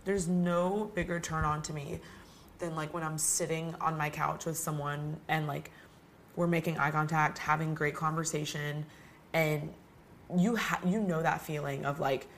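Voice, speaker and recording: A woman's voice: deep voice, fairly even intonation, a little slow, a little hiss or hum. A woman hosting her own podcast who talks in a casual, rambling way, full of "like" and "um", with a sore throat. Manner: chatty, heavy use of "like" and "um". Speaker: podcast host. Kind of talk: casual solo podcast rant.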